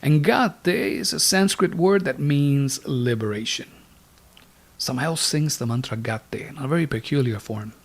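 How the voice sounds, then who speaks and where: A man giving a spiritual lecture on meditation as an instructor, speaking slowly and deliberately and dropping some words to a whisper. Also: a little high.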